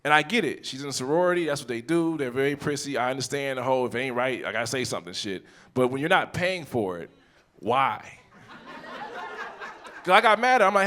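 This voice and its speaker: A man working a stand-up set, his voice sitting at an ordinary middle pitch. He tells a personal story and plays out both sides of the argument himself, tossing quick asides to the audience. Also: sing-song, fairly bright tone. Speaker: stand-up comedian. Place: stage before a live audience. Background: audience laughter.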